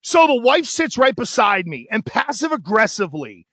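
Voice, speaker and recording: High-voiced man telling a heated story. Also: big pitch swings, moderate pace, a bit bright, dry recording. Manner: profane, worked-up anecdote with acted-out quotes. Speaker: radio show host. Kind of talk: animated storytelling, casual chat.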